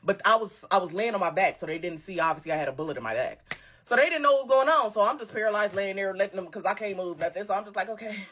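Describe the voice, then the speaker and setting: Bright, lively young woman telling stories. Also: medium pitch, racing. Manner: animated, slangy, laughs through her story. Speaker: storytime vlogger. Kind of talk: casual storytime.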